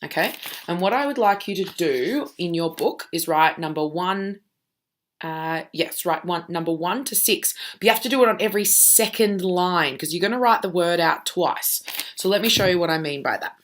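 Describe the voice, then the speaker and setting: A woman's voice: fairly low pitch, expressive, moderate pace, slight background noise. A woman teacher giving a recorded lesson, walking students through a task patiently and checking in with "okay?" after each step.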